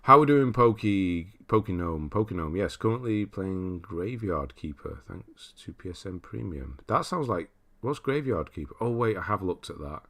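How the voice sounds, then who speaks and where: A man from Britain hosts a relaxed livestream, working through viewer comments one by one. His voice sits low and deep. He chats loosely and laughs often as he goes. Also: normal speed, few pauses. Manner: chatty, laughs often, reads chat aloud. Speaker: livestream host. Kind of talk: casual livestream chat reading viewer comments.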